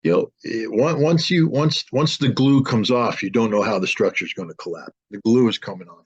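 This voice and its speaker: A man's voice: on the low side, fairly quick, breathy edge. A man speaking as an interview guest, blunt and emphatic, often restarting his sentences. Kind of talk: political interview talk. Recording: dull lo-fi audio.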